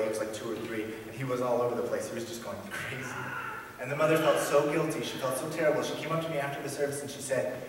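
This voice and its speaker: A man preaching a sermon as pastor, earnest and emphatic, repeating key phrases and swinging between loud and hushed delivery. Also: mid-range voice. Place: church sanctuary. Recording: echoey church hall from far off, faint room noise.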